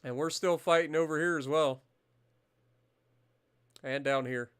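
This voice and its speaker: A man streaming a naval strategy game, commenting casually, swearing freely and bursting into loud disbelief at the battle results. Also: a little high, a little slow, clean tone. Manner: muttering calmly while managing menus.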